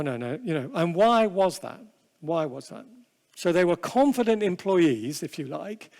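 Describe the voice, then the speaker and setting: A male seminar speaker who opens with a quiet prayer and then gives a conversational, self-deprecating talk full of asides. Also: high voice. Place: large convention hall. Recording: long hall reverb.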